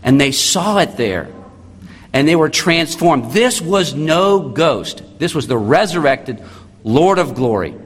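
A man in his thirties preaching a sermon as a pastor, swinging between loud emphatic lines and quiet intimate ones. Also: lowish voice, in a large hall.

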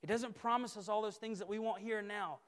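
A man preaching a sermon as a campus minister. He speaks emphatically, building repeated phrases and dropping to quiet intensity. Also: high voice, steady tone, fast talker. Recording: long hall reverb.

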